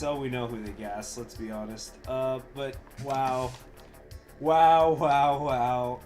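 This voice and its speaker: A man streaming a strategy game, chatting with viewers, reading event text aloud and breaking into loud, swearing surprise. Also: medium pitch, steady tone, slow pace, soft background music. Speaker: gaming streamer.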